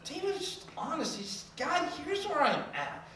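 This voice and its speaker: A preacher delivers a sermon with a bright, clear tone, acting out quoted voices with playful humor. The voice sounds far from the mic, in a large, very echoey hall. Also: high-pitched, sing-song, unhurried, slight background noise.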